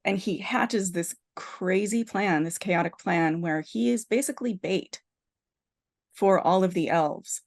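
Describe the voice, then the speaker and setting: Animated woman host retelling a film plot. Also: fairly low pitch, measured pace. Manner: animated storyteller, heavy use of "like" and restarts. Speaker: podcast host. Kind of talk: casual podcast chat retelling a film plot.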